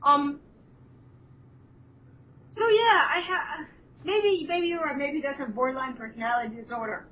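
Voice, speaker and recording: A young woman with a high voice hosts a casual fan chat, rambling through plot recaps and acting out the quotes. She sits back from the mic, and the sound is dull and lo-fi with a faint hiss. Her recaps come in long loose runs with fillers. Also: measured pace, pauses often, far from the mic. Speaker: show host.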